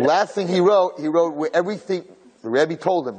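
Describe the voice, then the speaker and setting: A rabbi tells a story to a room of listeners in a Torah lecture, his fairly high, husky voice carried by a long hall reverb. He repeats himself as he builds and rises into shouts at the climax. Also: animated, normal speed. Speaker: rabbi giving a Torah class.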